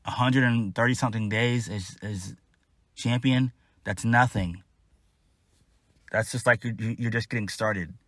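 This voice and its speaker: Blunt, exasperated man with a low voice. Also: a little slow, long pauses, a bit bright, no echo, studio quality. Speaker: wrestling reviewer. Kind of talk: casual solo review.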